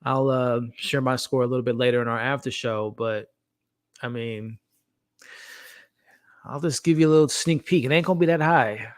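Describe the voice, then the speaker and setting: Hosting a live reaction stream, this man speaks frankly and addresses his chat directly in a conversational way. His medium-pitched voice moves at a normal speed with frequent pauses, in studio-quality sound with no room noise.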